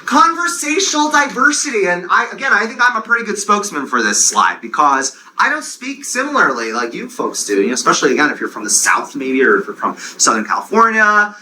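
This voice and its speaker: Male lecturer, Long Island accent, bouncy intonation, sharp bright tone, chatty tangents. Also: high voice, brisk, a little hiss or hum, low-quality recording. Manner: animated, digressive, jokey asides. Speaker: university lecturer. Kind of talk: classroom lecture.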